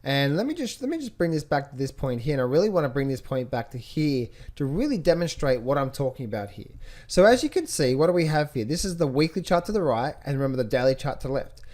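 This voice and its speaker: Guy explaining charts, kinda high voice, keeps asking what, repeats himself a lot. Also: big pitch swings, fast talker, darkish tone. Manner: rhetorical questions, repeats phrases. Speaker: trading instructor. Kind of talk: screen-share chart tutorial.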